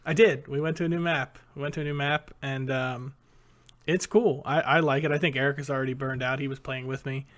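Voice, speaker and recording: Male co-host, thirties, mid-pitched, rambling and hesitant, casual talk. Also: steady tone, a little fast, fairly bright tone. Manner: rambling, hesitant, many fillers. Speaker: podcast co-host. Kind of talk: casual podcast chat.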